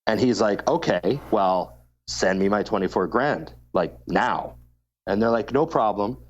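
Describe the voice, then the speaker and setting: A man's voice: on the low side, animated, measured pace, dull audio. A man co-hosting a podcast, telling a long story in casual chat and swearing freely. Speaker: podcast co-host.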